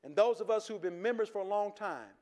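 A pastor preaching in a high voice. He talks to the congregation like a friend, with repeated restarts and chuckles, and turns earnest when he makes his point. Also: fast, a little mellow. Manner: conversational, with stammered restarts and chuckles, shifting from joking to earnest. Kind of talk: sermon.

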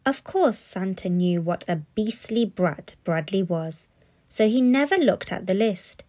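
A woman reading a children's storybook aloud in an expressive, playful way. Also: mid-range voice, measured pace.

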